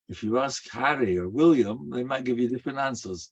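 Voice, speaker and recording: A man's voice: mid-range voice, fairly quick, husky. A man, a rabbi, delivering a sermon full of stories, a folksy storyteller who weaves in Hebrew and Yiddish terms. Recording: dull, muffled lo-fi recording.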